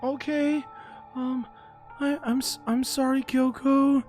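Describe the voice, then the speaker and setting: A man voicing a guarded, proud young female detective from a game, shouting in a clipped, stammering way. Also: very high-pitched, flat delivery, takes it slowly, faint music behind, pitched above the performer's own voice. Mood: furious. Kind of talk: voicing game dialogue on a stream.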